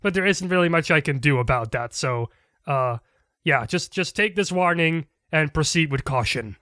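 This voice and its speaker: A man's voice: on the high side, expressive, moderate pace, sharp tone, soft background music. A man with a cold, a little out of breath, presenting gaming community news in a scripted, upbeat and chatty way with teasing asides.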